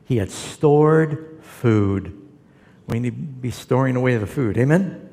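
A man's voice: mid-range voice, lively intonation, measured pace, warm tone, long reverb tail. A man, a pastor, answering Bible questions in a folksy, storytelling way. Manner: folksy storytelling, quotes scripture. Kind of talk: conversational Bible Q&A.

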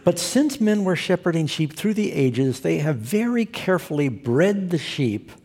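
A man's voice: a little high, darkish tone, husky. A man preaching a sermon, telling stories with humor and putting rhetorical questions to his congregation. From Southern California. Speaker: pastor.

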